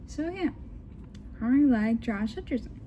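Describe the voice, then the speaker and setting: Young woman vlogger, giggly reader, unhurried and faint background noise. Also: a little high, expressive, dark tone. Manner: giggly, joking asides. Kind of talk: casual reading of fanfic aloud.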